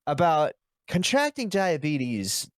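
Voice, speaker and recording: A man hosting a podcast with a slightly high, bouncy voice, trading crude jokes with his co-host. He sounds close and dry, with no room around him. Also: wildly swooping pitch, takes it slowly, dry recording. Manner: joking, crude banter. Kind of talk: casual podcast chat.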